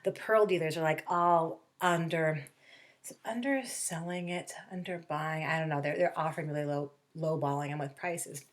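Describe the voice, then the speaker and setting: A woman's voice: low-pitched, fairly even intonation. A middle-aged woman teacher talking through a novel for her class at a distance, rambling casually with fillers and restarts. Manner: acts out characters' lines in quick bursts. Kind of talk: remote lesson talk on a novel.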